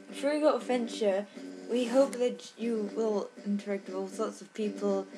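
A woman's voice: mid-range voice, measured pace. A woman doing casual let's-play commentary, rambling and giggly, with lots of fillers and casual swearing.

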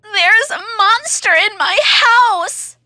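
A woman voicing a small, timid male hare in a children's storybook, with a high, squeaky voice. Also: wildly swooping pitch, takes it slowly, sharp tone, no echo, full character voice. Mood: scared.

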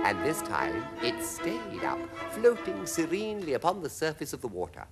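A man's voice: medium pitch, huge pitch swings, moderate pace, few pauses. Theatrical British man reading a storybook. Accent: British English. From Britain. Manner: theatrical, with dramatic swoops. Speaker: reader. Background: music.

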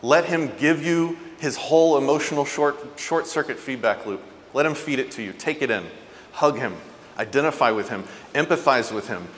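A man giving a parenting talk, telling stories earnestly and going soft and low for tender points. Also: normal speed, big-room sound, a little hiss or hum. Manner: earnest, animated storyteller, drops soft and low for tender moments. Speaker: parenting speaker. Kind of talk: motivational talk.

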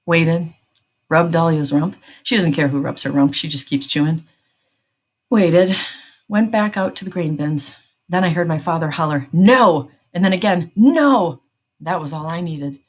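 A woman reading a novel aloud as narrator, in a tense, measured storytelling manner. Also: deep voice.

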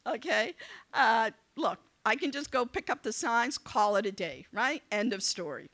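Bright, animated woman giving a motivational speech. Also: on the high side, normal speed. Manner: animated and conversational, acting out dialogue. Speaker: keynote speaker. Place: event venue.

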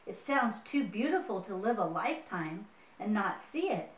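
A woman's voice: mid-range voice, very animated, normal speed, recorded from a distance, natural voice. A woman voicing a young male mouse, a hopeful dreamer who talks earnestly and politely. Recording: roomy, mic set away.

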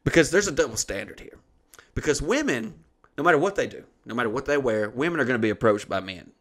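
A man hosting a podcast, telling a profane, animated story in casual comedic style. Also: medium pitch, quick pace. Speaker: podcast host.

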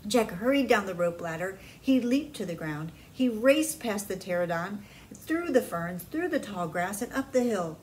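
A children's librarian reading a storybook aloud to kids in a friendly, casual way. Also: female voice, mid-range voice, lively intonation, normal speed, darkish tone, slight background noise, poor audio.

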